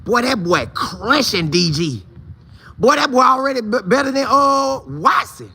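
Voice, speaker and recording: Animated, bright-voiced man talking sports. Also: very high-pitched, unhurried, husky. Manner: animated, acts out quoted coaches and players in playful voices. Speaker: sports show host. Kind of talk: casual sports talk commentary.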